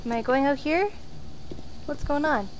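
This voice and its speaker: A woman's voice: high-pitched, unhurried, slight background noise. A woman commenting on a horror game as she plays, jumpy and often screaming at monsters. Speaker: gaming video host. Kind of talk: let's play commentary.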